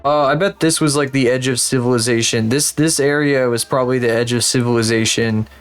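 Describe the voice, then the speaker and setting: A man's voice: medium pitch, fairly even intonation, a little fast, clean tone, faint music behind. A man streaming live, thinking aloud and swearing casually as he plays a geography guessing game. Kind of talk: casual livestream commentary while playing a geography game.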